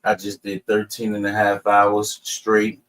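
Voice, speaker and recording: Animated man telling a story. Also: on the low side, unhurried, recorded from a distance, low-quality recording. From New York City. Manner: animated storytelling, acting out both sides of an argument. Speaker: class member. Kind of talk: storytelling to the class.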